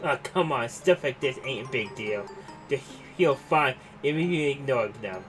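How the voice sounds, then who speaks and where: A man voicing a gruff, tough young man in a game, with rough, slangy, blustering talk. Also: medium pitch, lively intonation, measured pace, a bit bright, faint music behind. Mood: dismissive. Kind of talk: reading game dialogue aloud.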